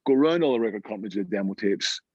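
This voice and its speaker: Scottish man, middle-aged, husky anecdotal guest, dry dull sound. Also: on the low side, fast talker, no echo. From Scotland. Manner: lively anecdotal storytelling with frequent restarts. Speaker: guest musician. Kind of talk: storytelling interview.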